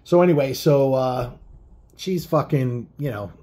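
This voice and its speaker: A man's voice: mid-range voice, measured pace, warm tone, breathy edge. A middle-aged man telling a road story in a blunt, profane, rambling way, full of fillers. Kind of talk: casual spoken storytelling.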